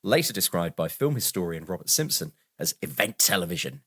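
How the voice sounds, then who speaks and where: A man co-hosting a podcast, reading background notes aloud in a casual, animated way and laughing now and then. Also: low voice, fairly quick, slightly rough. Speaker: podcast co-host.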